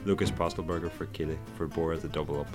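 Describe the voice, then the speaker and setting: Brief: deep male co-host, relaxed and unsure, remote call, faint music under. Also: fast. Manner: easygoing, tentative. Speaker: podcast co-host. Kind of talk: casual cycling race analysis.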